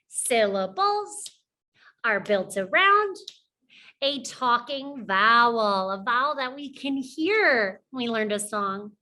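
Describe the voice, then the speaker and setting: A woman teaching young children a phonics lesson, slowly sounding out letters and praising often. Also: high-pitched, pushed and bright.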